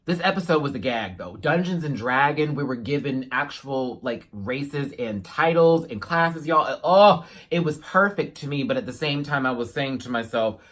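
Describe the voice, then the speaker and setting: Give me an animated, sassy man chatting through a casual show review. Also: mid-range voice, moderate pace, hardly any pauses. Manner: animated and sassy, with playful asides. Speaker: YouTube reviewer.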